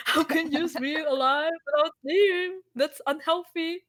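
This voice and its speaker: A woman's voice: sits high, takes it slowly, pauses often, a bit bright. A woman with a German accent, chatting casually on a stream and reassuring her friend. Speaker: guest streamer. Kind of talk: casual chat on a livestream.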